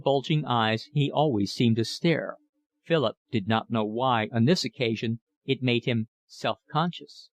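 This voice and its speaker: A man narrating a classic novel audiobook in a measured, even reading. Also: medium pitch. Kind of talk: scripted narration.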